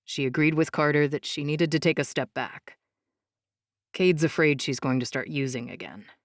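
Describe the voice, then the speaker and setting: A woman voicing a tired, caring young husband in an audiobook, speaking low and weary. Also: moderate pace, no echo, studio quality. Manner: low, weary and soft-spoken. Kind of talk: audiobook character voice.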